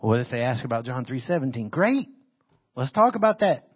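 Lively preaching man, dull lo-fi sound. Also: mid-range voice, fairly quick, breathy edge. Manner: lively, conversational preaching with sudden loud Bible readings. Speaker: pastor. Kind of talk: sermon.

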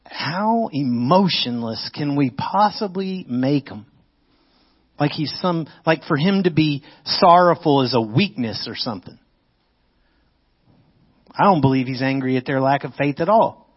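A man preaching a sermon, swinging between loud excitement and hushed, intense moments. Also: medium pitch, normal speed, pauses often, husky. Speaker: pastor. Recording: muffled lo-fi audio.

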